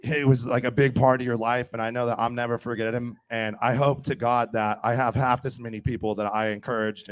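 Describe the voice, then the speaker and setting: Man giving a halting, heartfelt eulogy. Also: medium pitch, clear, resonant tone, rough recording. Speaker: eulogy speaker. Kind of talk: emotional eulogy.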